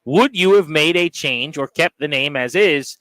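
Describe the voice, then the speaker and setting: A man's voice: on the high side, lively intonation, a little slow, a bit bright, no echo, poor audio. Male sports radio host, dry close voice. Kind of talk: radio talk and sponsor read.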